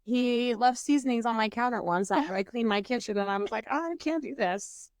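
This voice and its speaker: A woman in her twenties, co-hosting a podcast, telling a story in an animated, profane way with lots of fillers. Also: fairly high pitch, fast talker, clean tone, dry recording, studio quality. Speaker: podcast co-host. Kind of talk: casual storytelling chat.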